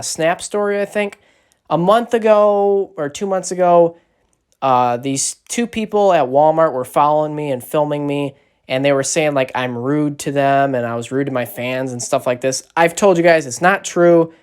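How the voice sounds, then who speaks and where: A man's voice: on the high side, clear, resonant tone. Rambling, swearing man telling a story. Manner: rambling, animated, swears often. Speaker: social media creator. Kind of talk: casual storytelling on a phone livestream. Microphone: phone.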